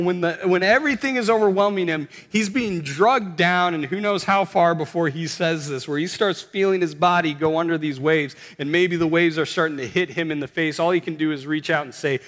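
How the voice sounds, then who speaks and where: A man preaching a sermon, earnest and conversational, rising to emphatic exclamations at the high points. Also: normal speed, fairly bright tone. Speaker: pastor. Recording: long hall reverb.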